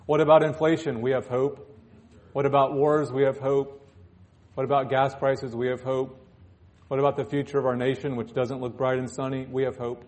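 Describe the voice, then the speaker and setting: A man's voice: medium pitch, level tone, moderate pace, a little mellow. A male pastor preaching in church, reading scripture aloud and breaking off into joking asides. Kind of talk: sermon.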